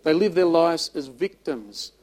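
A man preaches a sermon in a slightly higher-than-usual voice. He is emphatic, repeats words, and swings from loud passages to soft ones. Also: lively intonation, measured pace, rough recording. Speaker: pastor.

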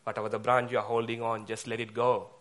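A man voicing God as a calm, patient voice giving instructions. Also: medium pitch, fast, natural voice. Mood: instructive.

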